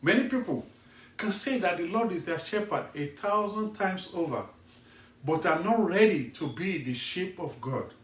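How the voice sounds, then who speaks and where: A male evangelist from Nigeria preaching a sermon slowly and emphatically, asking the listener pointed questions. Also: high-pitched, expressive, a bit bright, distant mic. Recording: echoey room, voice set back from the mic.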